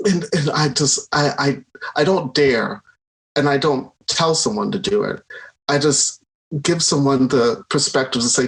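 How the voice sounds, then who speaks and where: A man's voice: medium pitch, a little slow, gravelly, husky. A man talking as a podcast guest in a casual conversation, enthusiastic and rambling, laughing often and restarting his sentences.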